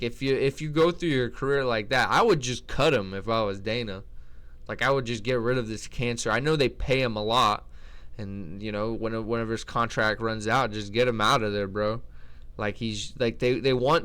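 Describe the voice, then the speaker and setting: A man's voice: mid-range voice, fairly bright tone, clean tone. A man giving blunt, slangy, opinionated commentary in a casual chat, often restarting his sentences. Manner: blunt, slangy, trash-talking, with lots of restarts. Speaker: MMA commentator ranking fighters.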